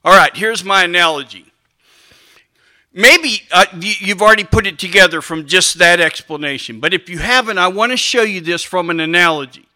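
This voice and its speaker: A man preaching a sermon, animated and emphatic, with frequent restarts and asides. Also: high-pitched, normal speed.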